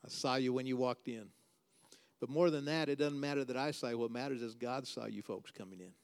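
A man preaching a sermon as pastor. He builds to loud, emphatic, repeated refrains and then drops to a soft, quiet voice for prayer. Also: a little fast, clear, resonant tone. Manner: preaching with dramatic swings in pitch and volume.

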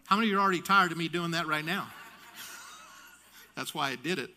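A man preaching a sermon, telling a story in an animated way with frequent restarts and touches of humor. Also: on the high side, brisk, a little hiss or hum.

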